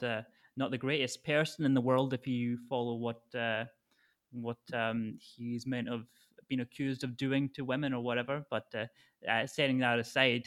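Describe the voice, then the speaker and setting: The stand-up comedian from Scotland has a mid-range, slightly bright voice. As a podcast guest he fields interview questions in loose conversation, full of fillers and restarts.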